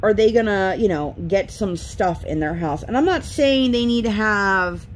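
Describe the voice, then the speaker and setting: At a moderate pace and medium pitch, a thirtysomething woman chats casually while crafting at home, rambling about her week. As a craft vlogger, she tells stories in a lively, talkative way, with slight background noise present.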